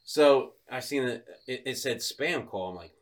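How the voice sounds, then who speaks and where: A man's voice: medium pitch, animated, moderate pace. A man telling a funny story in casual podcast chat, often breaking into laughter. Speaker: podcast co-host.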